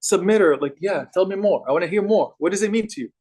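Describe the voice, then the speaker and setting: A young man giving a lively religious lecture to a live group, asking the audience questions and repeating phrases for emphasis. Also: sits high, fast talker. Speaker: religious teacher.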